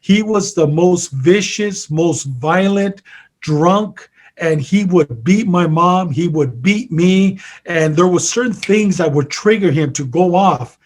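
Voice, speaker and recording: A man's voice: high voice, takes it slowly. An older man, a retired peer counselor, earnestly retelling a story in an interview, full of quoted back-and-forth.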